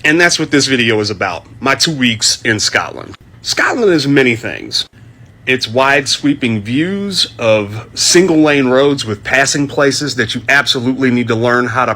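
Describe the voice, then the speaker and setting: Travel-vlog narrator, male, upbeat scripted read, bright and forward with a husky edge. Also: medium pitch. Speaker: travel vlogger.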